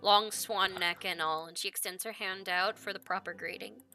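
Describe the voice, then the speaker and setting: A woman's voice: mid-range voice, fairly even intonation, moderate pace, sharp tone, soft background music. A woman game master narrating a tabletop game in a casual, descriptive way, full of "like" fillers.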